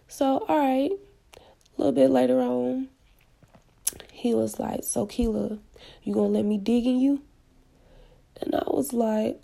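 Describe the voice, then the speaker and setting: A woman's voice: on the high side, fairly even intonation, measured pace, vocal fry, long pauses, mellow. A woman casually retelling a personal story with blunt, slangy, profane candor. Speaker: podcast storyteller.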